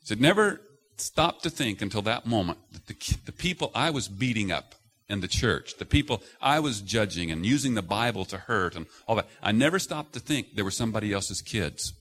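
A middle-aged pastor preaches to his congregation in the church sanctuary, his voice on the low side and fairly quick. He tells stories with animation, loudly acting out the voices of the people he quotes.

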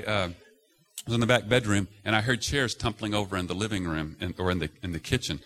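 A middle-aged man preaching a sermon to a congregation, telling stories and acting out the voices he quotes. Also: lowish voice. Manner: animated storytelling, acts out quoted voices loudly. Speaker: pastor. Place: church sanctuary before a congregation.

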